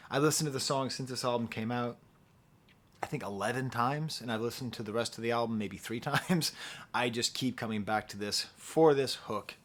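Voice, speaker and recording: A man's voice: mid-range voice, normal speed, a bit bright. Casting: man, talky music reviewer, mid-range voice, easygoing and self-deprecating, laughs between points. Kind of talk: casual album review.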